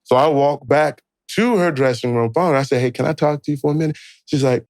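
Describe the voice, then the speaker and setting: A man co-hosting a podcast, telling a story in a mid-range voice and acting out each quoted line. His delivery is lively and conversational. The sound is dry and close to the mic. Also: medium pitch, fast, dry recording. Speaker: podcast co-host. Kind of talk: casual storytelling.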